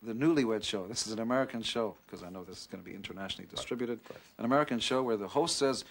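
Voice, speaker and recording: A man telling a comic anecdote in an animated way, laughing as he goes. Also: medium pitch, fast talker. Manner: laughing through the story, animated. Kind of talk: casual anecdote.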